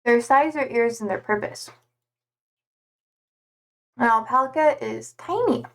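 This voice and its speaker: Giggly, slow-talking young woman streamer. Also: a little high. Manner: giggly and playful, slow drawn-out talk. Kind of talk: casual live-stream chat.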